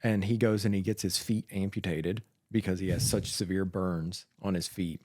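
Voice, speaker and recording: A man co-hosting a podcast about emergency medical work, telling stories with dark jokes and laughing often. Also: low voice, steady tone, normal speed, dry recording, studio quality. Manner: joking, laughs at his own dark humor. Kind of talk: casual chat.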